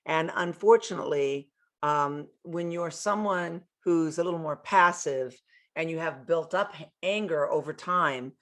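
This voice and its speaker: A woman's voice: low-pitched, unhurried, a bit bright. Frank woman hosting a self-help podcast. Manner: earnest, frank, swears casually. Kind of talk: motivational self-help talk.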